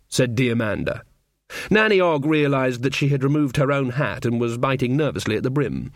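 A man reading an audiobook narration in an expressive, storytelling way. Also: mid-range voice, moderate pace, no room sound, clean studio sound. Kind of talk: scripted narration.

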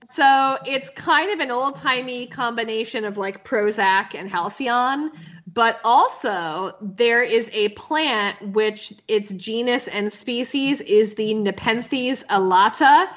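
Sarcastic, higher-voiced woman podcaster. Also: takes it slowly, fairly bright tone. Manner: frank, sarcastic, swears freely. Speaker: podcast co-host. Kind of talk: casual chat, recapping a TV episode. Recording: slightly dull, lo-fi podcast audio.

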